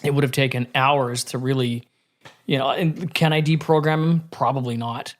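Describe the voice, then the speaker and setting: A man's voice: medium pitch, fairly even intonation, moderate pace. A man in casual podcast conversation, telling a candid story with frequent swearing and many restarts.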